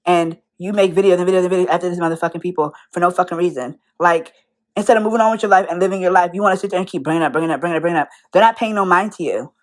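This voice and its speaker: A woman's voice: fairly low pitch, very fast. A young woman in an angry, profane rant, firing rhetorical questions at the person she is calling out. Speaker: commentary vlogger.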